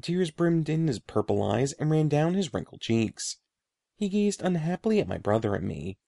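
A man reading a children's adventure story aloud in a measured storybook way, voicing the dialogue. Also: a little high, sing-song, vocal fry, warm tone, dry recording, clean studio sound. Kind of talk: scripted narration.

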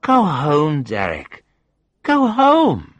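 A man's voice: medium pitch, huge pitch swings, slow, bright, forceful tone, dry recording, highs cut off, voice pushed up, heavily acted. A man voicing a drunk, grieving young woman who speaks with slurred, spiteful words in an audiobook. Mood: drunk, bitter.

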